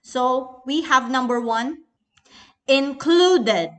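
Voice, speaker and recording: A woman's voice: fairly high pitch, slow pace, a bit bright. A young woman with a Filipino accent teaching an English lesson in a recorded class, patient and instructive, often addressing the class as everyone.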